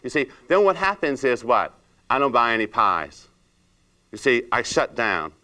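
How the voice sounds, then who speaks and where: This salon industry trainer has a mid-range voice and a moderate pace. He's animated, asks the room rhetorical questions, and raises his voice to act out chats with clients.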